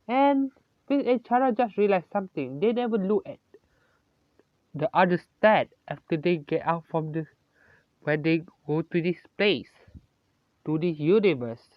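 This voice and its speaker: A slow, halting storyteller who improvises a fan story and keeps correcting themselves mid-sentence. The voice sits at an ordinary pitch and is close and dry, with no room sound. The recording is dull and lo-fi. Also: no echo.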